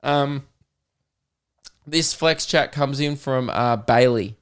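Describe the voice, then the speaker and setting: A man's voice: mid-range voice, takes it slowly, long pauses, a bit bright, clean tone. Joking Australian man hosting a podcast. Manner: joking, sarcastic, reads listener messages aloud. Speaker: podcast host. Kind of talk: casual comedy podcast chat.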